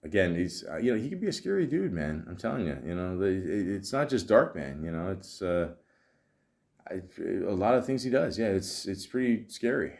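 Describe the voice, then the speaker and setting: A man's voice: low voice, sing-song, normal speed, creaky, darkish tone. A man hosting a podcast, chatting casually about films in a rambling way with lots of fillers and the odd swear word. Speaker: podcast host. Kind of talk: casual film-talk podcast chat.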